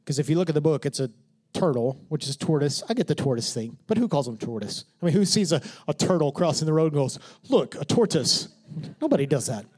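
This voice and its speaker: A man preaching a sermon in church, joking with the congregation and swinging from hushed whispers to shouts. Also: a little high, expressive, quick pace. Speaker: pastor.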